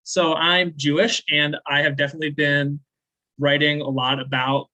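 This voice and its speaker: Bright-voiced man reciting spoken word. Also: a little high, level tone, poor audio. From American South. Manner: measured, deliberate recitation with chatty, filler-laden asides between poems. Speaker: slam poet. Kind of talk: spoken word poetry performance.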